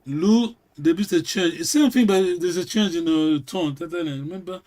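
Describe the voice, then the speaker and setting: A man with a notably high voice leads an informal language class. He talks in a halting way, repeats himself and stops often to check that his students follow. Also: a little mellow. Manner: halting, repeats words, keeps checking with "yes?". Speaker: language teacher.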